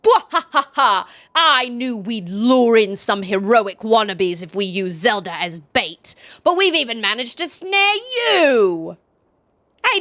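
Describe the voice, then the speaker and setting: A woman's voice: fairly high pitch, fairly bright tone. A woman voicing a gloating male ninja clan villain with a put-on Cockney accent, cackling and taunting.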